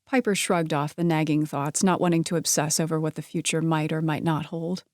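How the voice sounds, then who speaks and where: A woman reading a romance novel aloud, narrating in a steady, measured way. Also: low voice, no echo, clean studio sound. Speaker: audiobook narrator.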